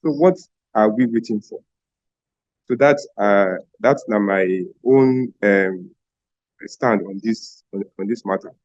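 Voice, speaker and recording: A man's voice: lowish voice, darkish tone, dry recording, dull audio. A man from Edo State speaking with a Nigerian Pidgin accent, a studio guest answering at length with frequent restarts and fillers. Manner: halting, with many restarts and fillers.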